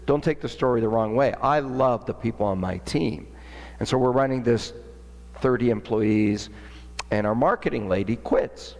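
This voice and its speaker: A male entrepreneur telling a story in an interview, animated and acting out the dialogue, with long hall reverb. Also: medium pitch, normal speed. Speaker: entrepreneur guest.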